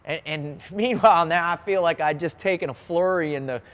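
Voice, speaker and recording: A man's voice: fairly high pitch, a little fast, a bit bright, clear, resonant tone. A man telling a personal story as a motivational speaker, earnest and vivid, often restarting his phrases. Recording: long hall reverb.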